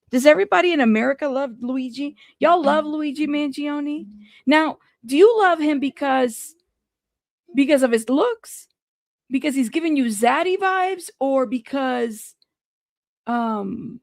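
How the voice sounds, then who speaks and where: A high-pitched woman with a heavily gravelly, fry-laden voice hosts a casual livestream, rattling off shout-outs to viewers by name. The sound is dry and close, with no room around her. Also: no echo. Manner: chatty, greets viewers by name in quick bursts. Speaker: livestream news commentary host. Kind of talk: casual live-stream chat.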